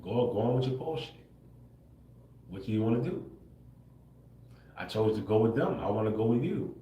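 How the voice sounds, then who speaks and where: This livestream host is a man whose voice sits on the low side, mellow and expressive, at a moderate pace. Addressing viewers directly in a casual monologue, he laughs often, swears casually, and leans on "bro" and "right?". Slight background noise and roomy echo color the audio.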